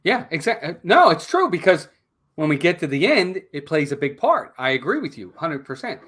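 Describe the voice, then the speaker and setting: A man's voice: a little high, sing-song, normal speed, a bit bright, husky. A man co-hosting a casual movie review, talking emphatically and repeating words as he makes his points. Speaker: co-host, film reviewer.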